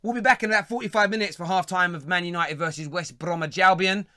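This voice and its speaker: A man hosting a casual football fan phone-in, joking and teasing in playful loud bursts. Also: high voice, fast talker, no echo, studio quality. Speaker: host.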